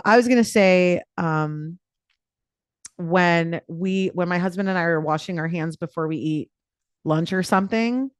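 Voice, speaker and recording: A woman's voice: lowish voice, dry recording, clean studio sound. Chatty, playful woman life coach. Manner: chatty and playful, many fillers. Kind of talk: live online coaching talk.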